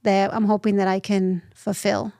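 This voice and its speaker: A woman in her thirties, a nonprofit founder telling her story as an interview guest, lively and acting out the voices she quotes. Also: medium pitch, moderate pace, gravelly, no echo, studio quality. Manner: animated, acts out quoted voices.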